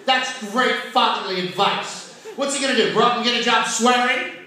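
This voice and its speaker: A man voicing an exasperated wife who scolds in a shrill, nagging tone. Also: moderate pace, sharp tone. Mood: scolding. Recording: echoey noisy far-off audience recording.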